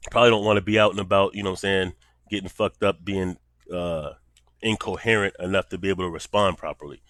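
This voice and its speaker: A man's voice: low-pitched, steady tone, fast, a bit bright, no echo. A man giving casual commentary in blunt, profane street talk.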